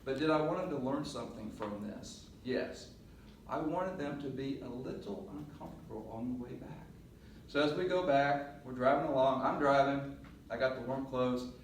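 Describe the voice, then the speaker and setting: A middle-aged man coaching on presentation skills, telling a lively story to a class and acting out the voices. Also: mid-range voice, normal speed. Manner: animated storyteller, laughs and acts out voices. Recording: roomy echo, mic at a distance, faint noise.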